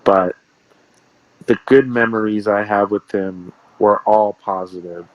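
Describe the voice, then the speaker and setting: A man tells stories in a casual, rambling way and often circles back to repeat himself. His voice sits on the low side. The sound is dry, with no room echo. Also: fairly even intonation, measured pace, muffled recording. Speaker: guest, sports card shop owner. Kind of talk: casual interview storytelling.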